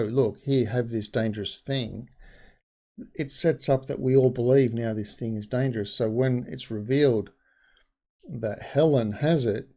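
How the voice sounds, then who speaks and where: A man talks through his take on a film in a loose, chatty way, often restarting his sentences and wandering into asides. His voice has a mellow, dark tone. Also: mid-range voice. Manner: rambling, frank, with frequent restarts and asides. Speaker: movie reviewer. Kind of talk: casual spoken film review.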